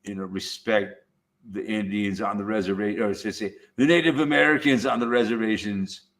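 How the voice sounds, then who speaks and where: A man's voice: on the low side, steady tone, fairly quick, a bit bright. A man in a laid-back casual chat, swearing freely and dropping "man" at the ends of lines.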